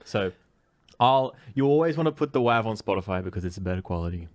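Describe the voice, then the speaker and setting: A man co-hosting a podcast, talking in a relaxed, rambling and playful way. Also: on the low side, quick pace, no echo. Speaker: podcast co-host. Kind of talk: casual chat.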